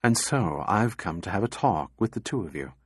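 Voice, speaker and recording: Placid logical robot as a man voices him, quiet, measured, soft, dry sound. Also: medium pitch, expressive, dry recording. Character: calm, logical male robot.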